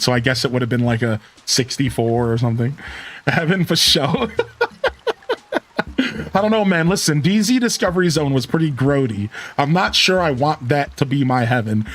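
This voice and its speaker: A man streaming a game, chatting casually in a rambling, self-interrupting, reflective way. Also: fairly high pitch. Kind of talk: casual gameplay stream chat.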